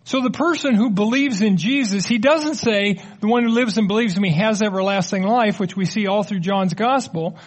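Middle-aged guy preaching, pretty high voice, chatty, explains stuff and cracks little jokes. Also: moderate pace, hardly any pauses. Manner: conversational, explanatory, joking asides. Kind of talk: teaching sermon with audience questions.

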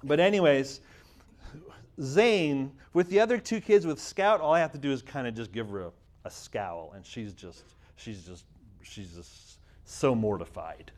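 A man's voice: medium pitch, animated, measured pace, darkish tone. A man in his thirties from Canada, giving a casual church talk with a humorous, self-deprecating manner and sounding tired. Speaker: church speaker and magazine editor. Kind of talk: casual sermon talk with prayer.

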